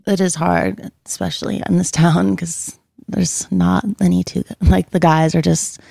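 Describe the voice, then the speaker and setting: A married woman in casual podcast chat with a gravelly, mellow way of talking. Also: on the low side, flat delivery, a little slow, dry recording, studio quality.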